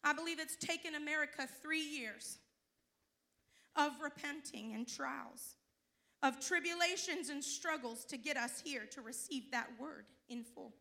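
A fervent woman preacher gives a church testimony in a high, ringing voice. She drops low and intimate as she tells her story, then breaks out in loud calls of praise to the congregation. Her tone is bright and keen throughout. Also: a little slow, creaky. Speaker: church speaker giving testimony. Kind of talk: Pentecostal sermon testimony.

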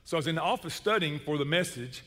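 A man's voice: a little high, fast, in a large hall. A middle-aged man, preaching a sermon and telling stories with comic energy. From Chattanooga, Tennessee. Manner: animated, comic storytelling. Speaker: pastor. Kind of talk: sermon with storytelling.

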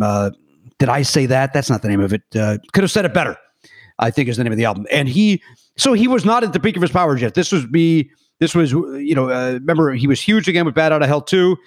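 On a remote podcast mic with no room sound, a middle-aged man of medium pitch rambles through casual stories as a guest. He stumbles and corrects himself along the way, acting out quotes with real gusto.

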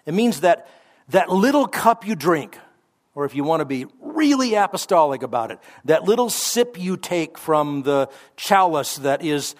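Guy pastor doing radio bible teaching, kinda high voice, casual asides, slows way down on the verses. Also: very animated. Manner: conversational with asides and self-corrections; slows to stress quoted scripture.

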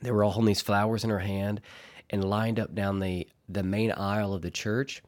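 A man's voice: on the low side, little pitch movement, normal speed, darkish tone. A man hosting a casual solo podcast, telling a story in a chatty, rambling way and laughing at himself.

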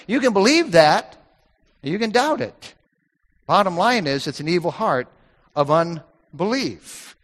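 A man's voice: high-pitched, animated, moderate pace, a bit bright. Male preacher, emphatic sermon delivery, repeats key lines, reverberant hall sound. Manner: emphatic, repeats key phrases, quotes scripture in old wording.

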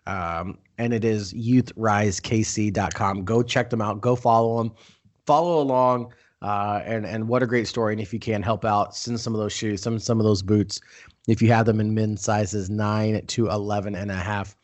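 Upbeat man host with a lower voice. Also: fairly even intonation. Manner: upbeat, quick shout-outs, frequent "uh" fillers. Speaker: podcast host. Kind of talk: casual podcast chat.

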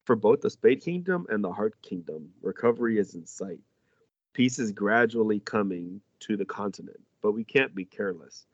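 A man's voice: on the low side, animated, moderate pace, dry recording. A man voicing a stern, formal noble captain. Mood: serious. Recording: dull lo-fi recording.

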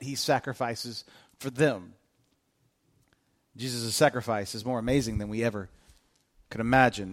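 A man preaching a conversational sermon to his congregation in church, earnest and direct, repeating his key questions. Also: mid-range voice. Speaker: pastor. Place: church service before a congregation.

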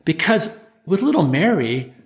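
A man with a fairly high voice tells a story from his martial arts class. He acts out the lines of the children and parents in it. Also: very animated, normal speed. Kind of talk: storytelling talk.

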